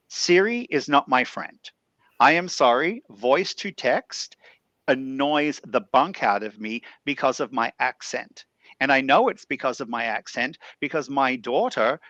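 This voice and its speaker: A man's voice: medium pitch, sharp tone, no echo, lo-fi sound. A man with an Australian accent speaking earnestly on a discussion panel, posing rhetorical questions.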